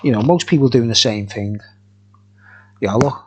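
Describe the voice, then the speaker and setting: A man's voice: medium pitch, normal speed, a little mellow, husky. A middle-aged man reviewing beer in a tipsy, jokey, rambling vlog chat, laughing often.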